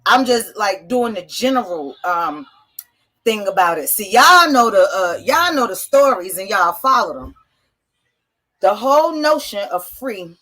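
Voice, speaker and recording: A woman's voice: mid-range voice, expressive, measured pace, pushed and bright. A woman hosting a casual livestream, rambling and swearing freely as she answers her viewers' chat. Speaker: livestream host.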